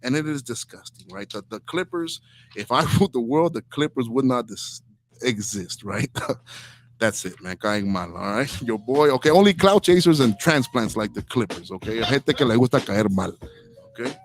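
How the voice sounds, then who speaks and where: A man's voice: medium pitch, lively intonation, normal speed. A man from Inglewood hosting a podcast, delivering an opinionated comedic rant in heated slang. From Inglewood, Los Angeles. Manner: heated and slangy, peppering lines with "dog". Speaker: podcast host.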